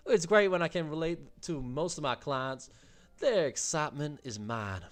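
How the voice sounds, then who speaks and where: A man's voice: on the high side, lively intonation, normal speed, voice pushed up, lightly acted. A man putting on a perky Southern woman blacksmith. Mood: cheerful. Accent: attempted Southern US. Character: proud young woman blacksmith, cheerful and hardworking.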